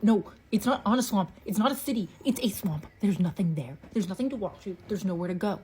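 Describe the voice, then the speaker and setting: A woman's voice: fairly high pitch, fast talker, darkish tone, slight background noise, poor audio. A woman from New Jersey delivering a blunt, profane, exasperated rant to camera. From New Jersey, USA. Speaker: content creator. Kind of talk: ranting monologue.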